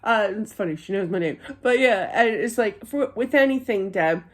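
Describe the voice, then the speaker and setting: A woman's voice: medium pitch, expressive, moderate pace. A middle-aged woman giving a psychic reading, chatty, with many fillers and frequent laughter. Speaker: psychic medium. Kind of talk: spiritual reading monologue.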